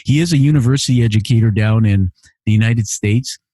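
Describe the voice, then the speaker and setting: A man's voice: on the low side, fairly quick, warm tone, breathy edge, no room sound. A man hosting his podcast from a home studio, reading listener messages in an earnest, emotional way and often repeating phrases. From immigrant to Canada. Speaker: podcast host. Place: home living room studio.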